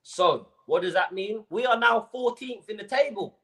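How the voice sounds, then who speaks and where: At a normal speed and in a voice that sits high, a young man runs a football fan livestream. His casual, animated rant is full of slang and repetition.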